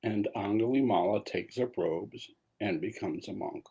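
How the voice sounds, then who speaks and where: A man's voice: fairly low pitch, a little slow, dark tone, slightly rough. A man giving a dharma talk as a meditation teacher, telling a story in a casual way with asides.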